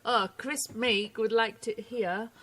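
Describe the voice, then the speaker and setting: A woman's voice: a little high, steady tone, slow, fairly bright tone. A British woman co-hosting a casual radio show, chatting and reading out listener messages. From England. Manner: chatty, giggly, reads chat messages. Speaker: co-host.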